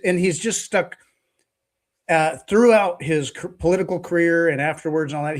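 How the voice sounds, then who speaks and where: A middle-aged man hosting a podcast, talking in an earnest, reflective way. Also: a little high. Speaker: podcast host. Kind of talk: casual conversation.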